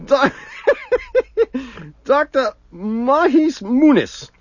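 A man's voice: extremely high pitch, very animated, very slow, husky, no echo. A man co-hosting a radio show, bantering and reading listener mail, often breaking into giggling laughter. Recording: dull lo-fi radio broadcast.

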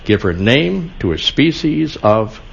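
A man reading comic verses on a radio quiz as its announcer, delivering each rhyme in a measured way. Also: mid-range voice, big pitch swings, gravelly, husky, dull audio. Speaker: announcer and scorekeeper.

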